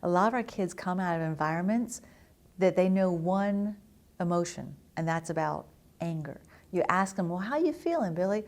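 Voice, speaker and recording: A woman's voice: fairly low pitch, moderate pace. A middle-aged woman, a family therapist, explaining to parents in an earnest, instructive way. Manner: earnest, explanatory, acts out children's quotes. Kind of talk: educational talk to parents.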